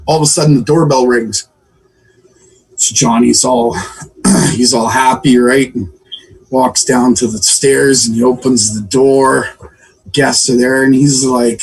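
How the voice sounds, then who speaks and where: A man's voice: steady tone, a little slow, gravelly, a little hiss or hum, poor audio. A man telling long, bad jokes on a livestream as a guest, acting out the characters and apologizing for them. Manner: jokey, self-deprecating, acts out characters with pitch jumps. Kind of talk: casual joke-telling on a livestream.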